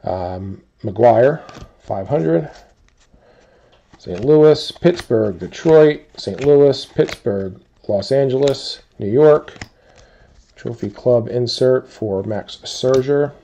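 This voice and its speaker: A man hosting a live sports card break, calmly listing teams and players as he opens packs. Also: mid-range voice, vocal fry. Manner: slow, relaxed listing of teams and cards.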